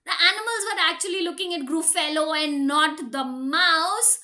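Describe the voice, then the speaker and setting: A woman, a preschool teacher telling a story to children in an animated, sing-song way. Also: extremely high pitch, moderate pace.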